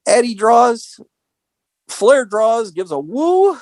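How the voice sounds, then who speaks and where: A man co-hosting a podcast, recapping wrestling history in animated casual chat and acting out quotes in a raised voice. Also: very high voice, takes it slowly, dry recording. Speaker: podcast co-host.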